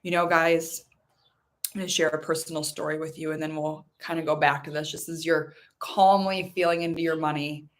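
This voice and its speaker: A married woman hosting a guided tapping meditation. She speaks in slow soothing prompts, then tells her own story in a lively, chatty way. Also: deep voice. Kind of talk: guided meditation and personal talk.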